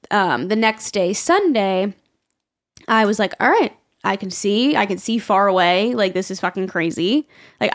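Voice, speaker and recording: A woman's voice: mid-range voice, gravelly. A young adult woman co-hosting a podcast, telling a story in casual chat with frequent swearing and laughter. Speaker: podcast co-host.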